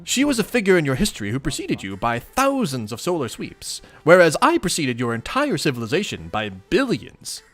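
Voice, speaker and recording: A man's voice: on the high side, huge pitch swings, brisk, hardly any pauses, fairly bright tone, voice pushed up, heavily acted. A man voicing a sweet, chatty, know-it-all female troll ancestor, reading a webcomic aloud, with precise and properly enunciated speech. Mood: upbeat, chatty.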